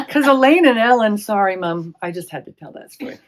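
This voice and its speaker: A woman's voice: mid-range voice, expressive, a little fast. A middle-aged woman telling stories in an oral history interview, acting out the voices of people she quotes. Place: public library.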